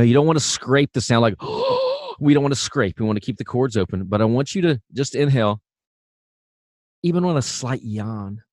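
A man teaching singing in a relaxed, chatty way, full of fillers and restarts. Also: mid-range voice, no echo, clean studio sound. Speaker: vocal coach. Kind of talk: casual instructional talk.

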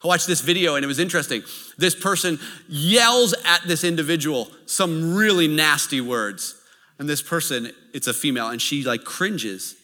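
A man preaching a sermon in an animated, storytelling way, with occasional laughs. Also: a little high, moderate pace. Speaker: pastor. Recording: reverberant hall.

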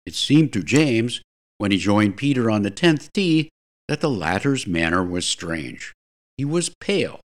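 A man's voice: fairly low pitch, big pitch swings, measured pace. A man narrating a comic story in a wry, dry storytelling manner.

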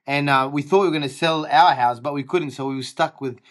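A male comedian guest telling lively anecdotes in casual chat, often breaking into laughter. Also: fairly high pitch, a little fast. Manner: animated anecdotes, frequent laughter.

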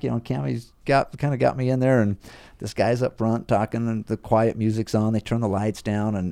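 A middle-aged man casually telling a personal story on a podcast, animated and acting out his own past thoughts. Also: lowish voice, gravelly. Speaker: podcast guest, horse trainer.

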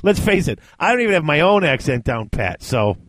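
Animated laughing man on a podcast. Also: on the high side, a little fast, no room sound. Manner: animated, laughs often, many restarts. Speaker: podcast co-host. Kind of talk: casual chat about tabletop wargaming.

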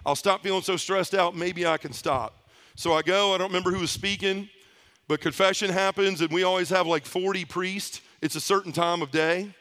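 Animated high-voiced middle-aged storyteller man. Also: moderate pace. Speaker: conference speaker. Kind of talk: storytelling testimony talk.

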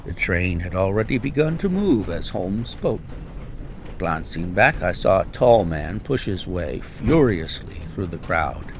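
A man reading a classic story aloud as an audiobook narrator, measured and expressive. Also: low-pitched, creaky, background noise. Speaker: audiobook reader. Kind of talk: scripted narration.

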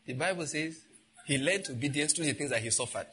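A man preaching a sermon as pastor, animated and laughing as he acts out what others say. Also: fairly high pitch, a little fast, slight background noise.

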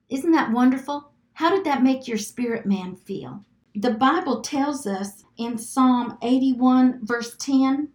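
A woman hosting a podcast, preaching with devotion and leading listeners through slow, earnest declarations to repeat after her. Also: on the high side. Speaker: podcast host. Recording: echoey room with faint music behind.

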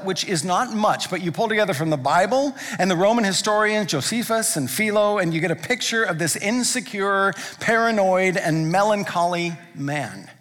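A man's voice: sits high, fairly bright tone. A male pastor preaching a sermon in a church, talking conversationally and driving points home with emphatic repetition. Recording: long reverb from a large hall.

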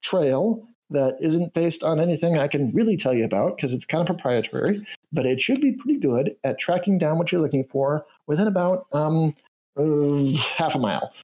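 A man voicing a chipper, excitable female canary scientist who rambles and stumbles over her words. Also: a little high, pitched above the performer's own voice, poor audio. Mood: excited. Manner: bubbly, stumbling, fast-rambling.

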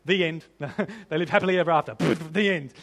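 A man preaching a sermon, animated and humorous, often laughing and piling up rhetorical questions. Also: on the high side, normal speed.

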